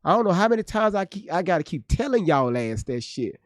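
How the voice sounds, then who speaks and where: A man's voice: high voice, big pitch swings, fairly quick, no echo, studio quality. A male streamer giving blunt, profane live commentary on a clip, often repeating his words as he thinks aloud. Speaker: streamer reacting to clips.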